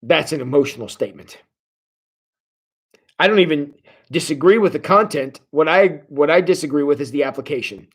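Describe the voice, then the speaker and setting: A man in his forties teaches a Bible study over a livestream in a relaxed, folksy way. His voice sits a bit high for a man, and he keeps it chatty and unpolished, full of small fillers. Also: moderate pace, long pauses, breathy edge. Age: 40s. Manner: folksy, conversational, with frequent filler sounds. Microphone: livestream setup.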